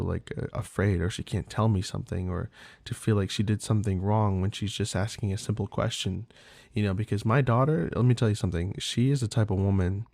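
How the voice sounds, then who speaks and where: A man's voice: fairly low pitch, gravelly, darkish tone, dry recording, studio quality. A man hosting a podcast in a casual, candid monologue, swearing freely and talking loosely. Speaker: podcast host.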